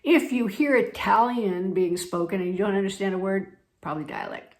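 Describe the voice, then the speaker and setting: A woman's voice: mid-range voice, normal speed. A woman from the United States who tells stories in a chatty way, laughing between sentences as she talks to her viewers. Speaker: travel vlogger. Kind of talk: casual chat. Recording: echoey room.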